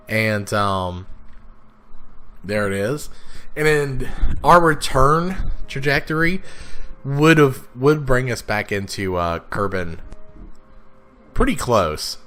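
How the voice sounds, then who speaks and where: A man with a raspy, stuffed-up voice, casually talking through his gameplay with lots of fillers and restarts. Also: medium pitch, sharp tone. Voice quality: raspy, congested from blocked sinuses. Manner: rambling, many fillers and restarts. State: sniffly, stuffed up. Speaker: let's play gamer.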